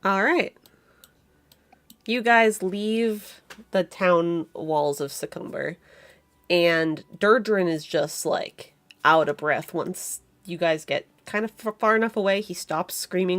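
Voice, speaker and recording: A woman narrating as game master of a tabletop game, describing scenes slowly with fillers. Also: on the low side, no room sound.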